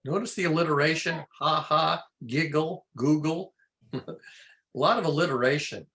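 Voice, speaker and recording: A man's voice: a little high, moderate pace, fairly bright tone. A man moderating a casual group video call, playful and chatty, explaining word patterns. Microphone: computer mic on a video call.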